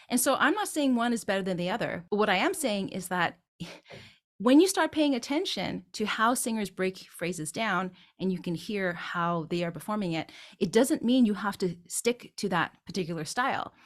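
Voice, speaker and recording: A woman's voice: mid-range voice, expressive, moderate pace. A woman vocal coach teaching a song, explaining phrasing and breaking into sung lines to demonstrate. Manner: encouraging, checks in with listeners. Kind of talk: singing lesson, explaining and demonstrating.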